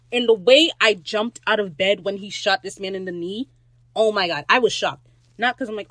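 Gushing and excitable, a podcast host recaps an episode in a casual solo rant, swearing freely and swinging between loud squeals and low asides. She talks fairly quickly, and there's no echo.

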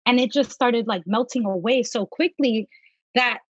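A woman guest tells her story in an earnest, chatty way. Her voice sits a little high. The sound is dry and a bit dull, like a lo-fi recording. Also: moderate pace, no room sound. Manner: earnest, animated when quoting herself. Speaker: guest, tapping practitioner. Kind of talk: casual interview storytelling.

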